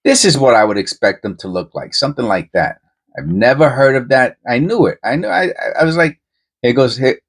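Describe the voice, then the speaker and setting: A man's voice: mid-range voice, lively intonation, fairly quick. A man hosting a coin-hunting channel, talking casually and rambling with many restarts and self-interruptions. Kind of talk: casual commentary to camera.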